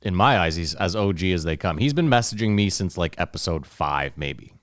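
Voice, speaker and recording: A man's voice: sits low, expressive, a little fast, fairly bright tone, dry recording, studio quality. A man co-hosting a podcast, chatting casually with friends, swearing and laughing as he talks. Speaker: podcast co-host. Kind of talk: casual chat.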